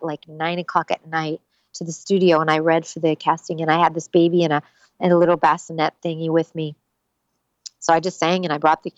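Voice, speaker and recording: A woman's voice: fairly low pitch, no room sound, lo-fi sound. A woman, an actress and singer, telling stories in a casual interview with lots of fillers. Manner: chatty storytelling, many fillers.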